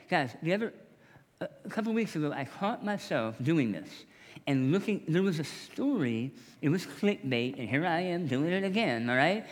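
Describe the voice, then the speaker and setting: Pastor preaching in a reverberant hall. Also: male voice, on the high side, moderate pace. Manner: animated, conversational preaching with acted-out quotes. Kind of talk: sermon. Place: church sanctuary. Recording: long reverb of a church hall.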